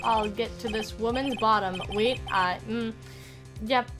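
Brief: young female streamer, slightly high voice, joking commentary over game music. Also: a little slow. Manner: giggly, crude and joking, reads game lines aloud in voices. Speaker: let's play streamer. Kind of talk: casual gameplay commentary.

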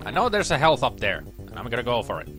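A man doing a let's play commentary, grumbling and mumbling to himself and bursting into shouted curses. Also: mid-range voice, huge pitch swings, quick pace, music in the background. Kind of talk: frustrated gameplay commentary.

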